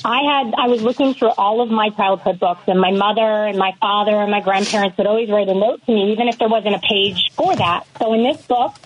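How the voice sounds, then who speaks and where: A woman's voice: medium pitch, fairly quick, hardly any pauses, highs cut off. A woman who is a guest author on a radio talk show, explaining her work at length in a loose, rambling way. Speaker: guest author of a children's book.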